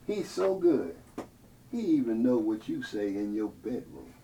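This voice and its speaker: A male preacher telling a story in a sermon, animated and playful, calling out to the congregation and building to loud peaks. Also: medium pitch, a little slow. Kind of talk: storytelling sermon with call-and-response. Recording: distant mic, faint ambient noise.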